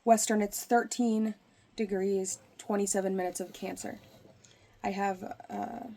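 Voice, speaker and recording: A woman's voice: medium pitch, steady tone, a little slow, vocal fry, dark tone. Woman giving a rambling tarot reading. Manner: rambling, hesitant explaining with many restarts. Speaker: tarot reader. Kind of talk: casual tarot reading to camera.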